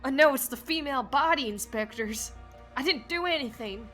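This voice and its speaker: A woman's voice: high-pitched, lively intonation, moderate pace, bright, forceful tone, soft background music, pitched above the performer's own voice. A woman voicing a frightened captive canine protagonist in a game, anxious and protesting.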